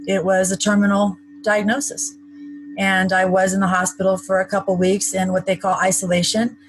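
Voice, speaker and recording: A woman's voice: medium pitch, poor audio. A woman being interviewed, recounting a personal story in a chatty, matter-of-fact way with wry asides. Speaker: interview guest.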